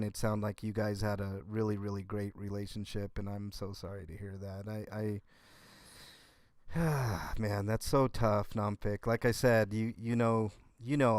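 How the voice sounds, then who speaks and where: Halting man hosting a home livestream. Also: lowish voice, little pitch movement, a little mellow, no echo, studio quality. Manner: halting, restarts and repeats words. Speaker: livestream host. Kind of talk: casual livestream chat with viewers. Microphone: computer setup.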